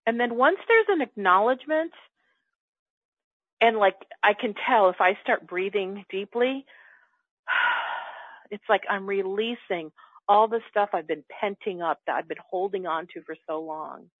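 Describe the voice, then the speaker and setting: An earnest woman coach explaining her self-help method in a relaxed, conversational way. Her voice comes through a tinny, phone-like line with a dry, close sound and no room echo. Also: medium pitch, a little slow, pauses often. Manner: earnest, acts out her own inner dialogue. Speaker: coach working with clients.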